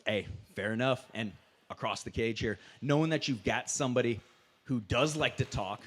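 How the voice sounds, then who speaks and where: Moderating a press conference, a fight commentator asks the fighters questions at normal speed in a mid-range voice. His manner is talkative and eager, with lots of fillers.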